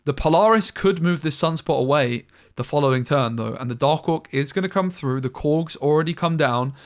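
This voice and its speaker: Brisk male esports caster, slightly high voice. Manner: brisk analytical play-by-play with thinking-aloud asides. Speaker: tournament caster. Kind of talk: live esports play-by-play commentary.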